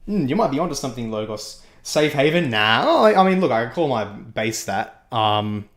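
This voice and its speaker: A man's voice: medium pitch, sing-song, moderate pace. A young man chatting casually while livestreaming a game, rambling, repeating himself and laughing often. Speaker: livestream host. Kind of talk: casual gaming livestream chat.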